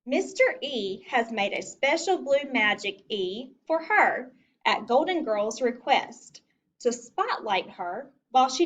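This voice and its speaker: A woman teacher giving a phonics lesson to young children, speaking slowly, clearly and encouragingly. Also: a little high, a little hiss or hum. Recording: distant lo-fi recording.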